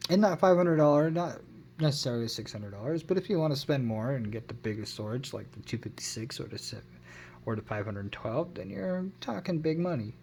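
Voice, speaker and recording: A man's voice: mid-range voice, darkish tone, a little hiss or hum. Casting: a male tech vlogger with a mid-range voice, loose and rambling, second-guessing his figures. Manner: rambling, self-correcting, unsure of his numbers. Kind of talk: casual phone review.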